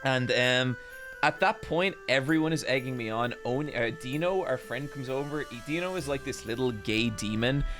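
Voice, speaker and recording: A man with an Irish accent hosting a podcast, telling an embarrassing story in a casual, animated, self-deprecating way and swearing freely. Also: medium pitch, normal speed, hardly any pauses, over music. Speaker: podcast host.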